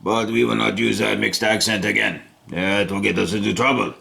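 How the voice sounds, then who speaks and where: A man's voice: lowish voice, fairly even intonation, moderate pace, creaky, bright, forceful tone, heavily acted. A man voicing a cocky Japanese emperor with a put-on Japanese accent, formal and stilted. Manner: formal, stilted, pleased with himself.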